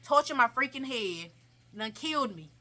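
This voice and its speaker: A young woman vlogger telling a casual, animated story in slangy talk, repeating herself for emphasis. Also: sits high, normal speed.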